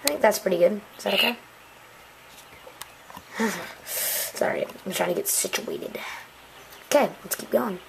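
A young woman casually commentating a video game for her channel, goofy and chatty, often yelling a silly catchphrase. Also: medium pitch, lively intonation, a little slow, vocal fry, pauses often, background noise. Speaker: gaming channel host. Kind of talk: casual let's-play commentary.

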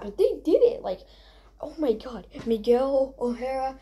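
A young woman hosting a casual countdown, excitable and rambling, recorded at home late at night. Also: sits high, moderate pace, slightly rough. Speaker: video host. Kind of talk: casual awards-style countdown.

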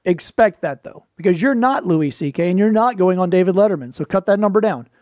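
Relaxed and wry, a performer who hosts a podcast tells stories while giving casual showbiz advice, dropping quick asides and using playful put-on voices when quoting. His voice is fairly high, and the close, dry recording has no echo or room sound.

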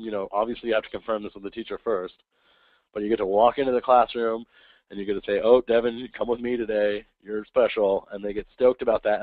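A man giving a casual webinar talk, acting out quick voices of kids and parents. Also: on the low side, no echo. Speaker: webinar presenter. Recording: tinny phone-like line, dry.

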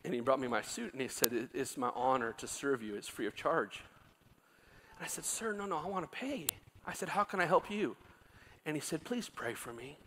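A middle-aged male pastor preaching a sermon, telling a story quietly, then rising into loud, impassioned exhortation. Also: mid-range voice, fairly quick, a little hiss or hum.

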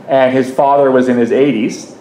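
With a dark, steady voice at normal speed, a Canadian guest speaker in his fifties shares a personal story during a public talk. His delivery is conversational, with frequent restarts and asides, and the echoey room carries a faint rumble.

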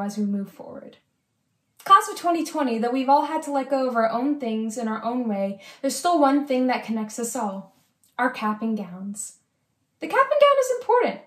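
A woman's voice: fairly high pitch, a bit bright. A young woman giving an earnest graduation speech as senior class historian, with touches of light humor. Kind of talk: ceremony speech. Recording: echoey room.

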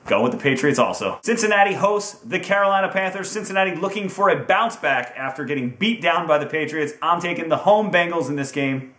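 Hosting a casual football picks video in an echoey room, a man sounds upbeat and teasing, drawing out team names playfully. His voice has a fairly high pitch, animated and fairly quick, with a sharp tone.

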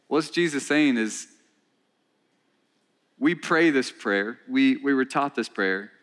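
Male pastor, mid-pitch, animated sermon delivery with lots of call-and-response asides. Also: measured pace. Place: church sanctuary.

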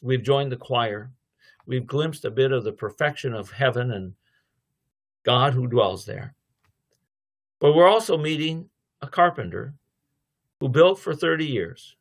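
A man's voice: mid-range voice, measured pace, pauses often. A middle-aged man giving a devotional lecture, telling a story and acting out both sides of a conversation. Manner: lively storytelling, acting out dialogue. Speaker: theology lecturer.

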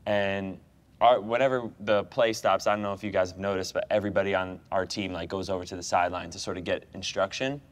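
A young American man speaks in a fairly low voice, spinning an animated story full of "like" and "you know." He laughs often and keeps the tone loose and conversational. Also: fast. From United States. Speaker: guest, professional goalkeeper. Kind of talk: casual chat.

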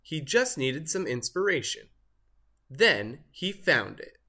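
A man reading a children's picture book aloud in an expressive storybook manner. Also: medium pitch, takes it slowly, slightly rough. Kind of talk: scripted read-aloud narration.

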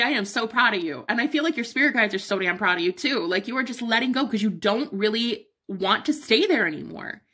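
A young woman reads tarot cards in a loose, chatty way, pressing her points hard and breaking into excited exclamations. She swears now and then and keeps reassuring the listener. Her voice sits at an ordinary middle pitch for a woman. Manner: emphatic and encouraging, swearing casually, excited exclamations. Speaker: tarot reader. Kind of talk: casual pick-a-card tarot reading.

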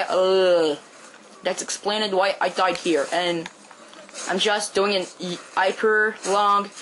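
A man from Quebec with a Quebec French accent, a native French speaker, giving casual gameplay commentary and bursting into high yelps and swearing. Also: a bit bright, a little hiss or hum, rough recording. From Quebec, Canada.

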